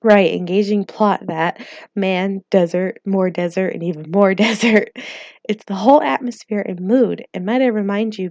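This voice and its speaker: A woman's voice: mid-range voice, darkish tone, dry recording, muffled recording. A woman playing a mobile game, reading its text messages aloud in light put-on voices and chatting casually, laughing often. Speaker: gaming YouTuber.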